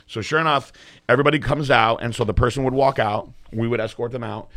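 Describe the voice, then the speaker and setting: A man co-hosting a podcast, telling a long story in casual, profane, animated chat. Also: medium pitch, fairly quick. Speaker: podcast co-host.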